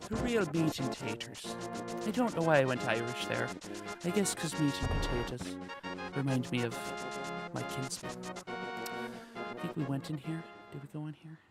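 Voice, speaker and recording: Chatty male gaming streamer. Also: a little high. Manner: chatty, jokey, talking to chat. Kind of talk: casual gameplay commentary.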